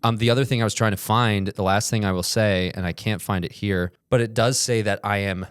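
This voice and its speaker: A young man with a very low, deep voice rambles through a casual podcast chat. The sound is dry and close, with no room around it, and now and then he bursts into loud, joking yells. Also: steady tone, brisk, clear, resonant tone, dry recording. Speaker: podcast co-host.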